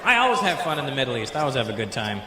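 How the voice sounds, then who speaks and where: A man doing stand-up, working the crowd loudly with a punchy, teasing delivery. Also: mid-range voice, sing-song, very fast. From Canada. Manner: loud, teasing, punchy delivery with comic voices. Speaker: stand-up comedian. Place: large theater stage. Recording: echoey live venue with loud crowd noise.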